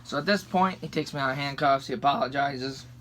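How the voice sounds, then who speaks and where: A man's voice: mid-range voice, brisk, fairly bright tone, slight background noise. A young man from the rural United States telling a story casually, heated and swearing constantly. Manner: profane, heated retelling.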